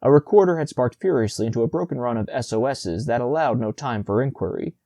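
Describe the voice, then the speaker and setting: A man narrating a classic short story as an audiobook, in a measured storytelling manner. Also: mid-range voice, animated, dark tone, no echo.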